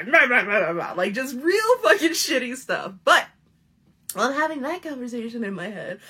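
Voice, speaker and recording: This is a woman in her thirties telling a funny story from her own life. Her voice is strongly husky and breathy, and her pitch leaps up and down as she gets animated. She swears casually and laughs often. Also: moderate pace. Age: 30s.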